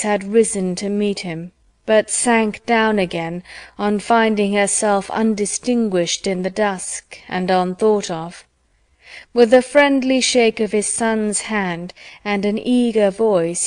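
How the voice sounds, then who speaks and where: Woman audiobook narrator, measured classic-novel reading, dry studio sound. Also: medium pitch, darkish tone, smooth, no room sound. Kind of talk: scripted narration.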